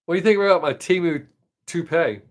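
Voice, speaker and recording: A man's voice: fairly high pitch, a little fast. Joking man chatting on a live stream. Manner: joking, rambling, self-mocking. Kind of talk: casual live-stream chat with viewers.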